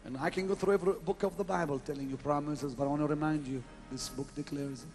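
A man preaching a revival sermon at a large crusade, swinging from loud exclamations to hushed whispers in a slow, drawn-out delivery. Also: fairly high pitch, steady tone. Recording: 1990s live event recording with faint music.

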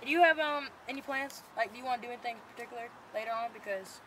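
A woman's voice: fairly high pitch, fast talker, a bit bright, close to an everyday voice, low-quality recording. An actress playing a driven, independent young woman who is blunt and bossy toward her cousin. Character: driven young woman, strict big-sister type. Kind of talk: indie film acting. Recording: ambient vehicle noise.

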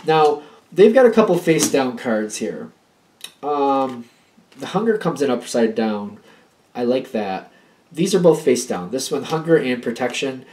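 A man giving a casual tarot reading. He talks in an animated, rambling way, repeating himself and acting out little pep talks. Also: mid-range voice, unhurried. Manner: animated, acts out little pep-talk quotes; rambling, repeats and restarts phrases. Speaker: tarot reader.

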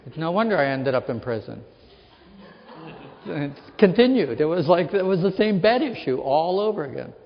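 A man's voice: on the high side, sing-song, normal speed. A man from Western Pennsylvania giving a lecture as an author, telling humorous anecdotes and acting out the people in them. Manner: anecdotal, acts out quoted people in his stories. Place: lecture hall. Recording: reverberant hall, dull lo-fi sound.

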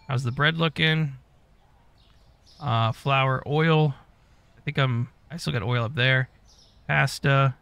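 Gravelly man muttering through gameplay. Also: mid-range voice, a bit bright. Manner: mutters to himself, swears often. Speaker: gaming YouTuber. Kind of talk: casual gameplay commentary.

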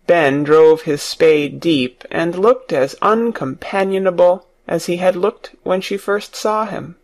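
A man reading an audiobook story aloud for English learners, in a slow, clear narrating manner. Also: sits high.

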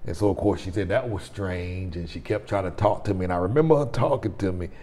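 Speaking fast in a warm, low-pitched voice, a vlogger in his forties tells the camera a personal story. The telling is rambling and casual, full of restarts, and the audio carries long reverb.

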